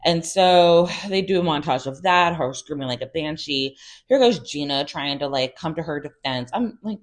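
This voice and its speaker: A woman's voice: sits low, moderate pace. A woman hosting a casual reality TV recap, chatty and sassy with exasperated asides.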